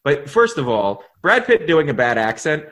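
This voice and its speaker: A man's voice: on the high side, big pitch swings, moderate pace, a bit bright. A man co-hosting a podcast in casual chat, rambling and restarting his sentences, laughing often. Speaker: podcast co-host.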